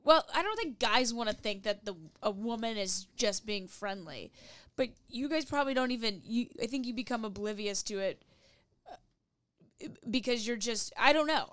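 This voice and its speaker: Woman, casual podcast chat, chatty, self-mocking, smooth voice, slightly high, dry sound. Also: a bit bright, no echo.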